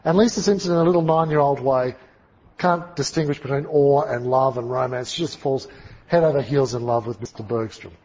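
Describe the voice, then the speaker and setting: A man preaching a sermon, telling stories emphatically and dramatically, swinging from loud to hushed. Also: medium pitch, a little fast, highs cut off. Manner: dramatic, emphatic storytelling with big swings in volume.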